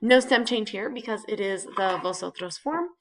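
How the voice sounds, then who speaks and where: A woman's voice: mid-range voice, normal speed. A woman teaching a recorded Spanish lesson, talking students through the verbs step by step with casual fillers. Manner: chatty, explains step by step with fillers. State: has hiccups.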